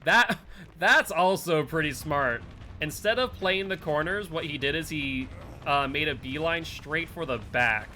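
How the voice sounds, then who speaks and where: A man's voice: a little high, unhurried, bright, forceful tone, a little hiss or hum. A man streaming a horror game live, chatting casually with viewers and commenting on his play in a playful, teasing way. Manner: chatty, reads chat aloud, playful teasing.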